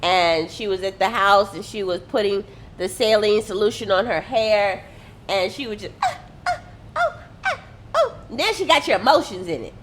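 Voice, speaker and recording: A woman hosting a casual marketing talk, animated and acting out quotes as she explains. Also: mid-range voice, normal speed, a little hiss or hum. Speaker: host.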